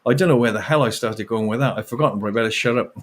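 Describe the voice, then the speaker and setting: A fast-talking middle-aged man with a mid-range, somewhat bright voice holds forth as an author on an interview. He rants with passion, swearing freely and erupting into laughter.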